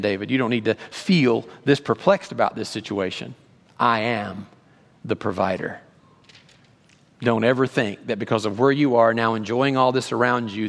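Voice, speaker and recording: A male pastor preaching a sermon, animated, acting out God's words with rising emphasis. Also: on the low side, gravelly. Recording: long reverb of a large hall.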